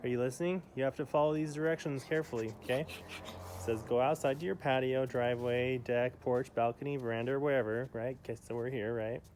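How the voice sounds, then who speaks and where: A man's voice: medium pitch, fairly even intonation, fairly quick, a little mellow, a little hiss or hum. A man outdoors reading homework instructions aloud and coaxing a child, stumbling over his words now and then. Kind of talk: playful family vlog. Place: outdoors by home.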